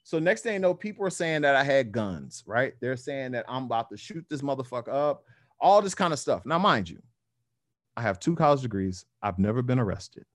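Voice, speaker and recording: A man telling a story in a casual, animated way, acting out other voices and using slang and swearing. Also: mid-range voice, brisk, no echo, clean studio sound. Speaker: guest powerlifter.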